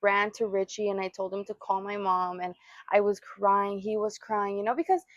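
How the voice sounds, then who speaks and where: A woman's voice: mid-range voice, level tone, moderate pace, no echo, lo-fi sound. A young woman co-hosting a casual chat, telling a personal story with feeling and lots of fillers. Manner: emotional storytelling, many fillers. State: pregnant or new mother. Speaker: podcast co-host.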